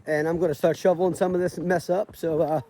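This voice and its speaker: A man's voice: on the high side, flat delivery, fast, warm tone. A man casually talking to the camera in a family vlog, upbeat and chatty, recorded outdoors in the snow. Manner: upbeat, chatty, laughs often. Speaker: family vlogger. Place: outdoors in snowy yard.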